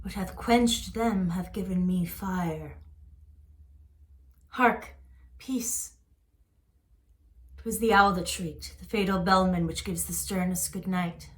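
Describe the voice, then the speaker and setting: A scheming Lady Macbeth, read by a woman for a home-recorded Shakespeare play. She sounds tense and urgent and drops to whispers, with unhurried phrasing. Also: fairly low pitch, fairly even intonation. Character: Lady Macbeth, bold scheming noblewoman awaiting a murder.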